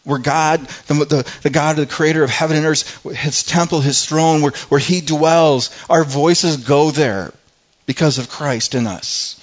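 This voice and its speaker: A man's voice: a little high, unhurried, dull audio. A man preaching a sermon in an earnest, conversational way, often restarting his phrases. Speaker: pastor.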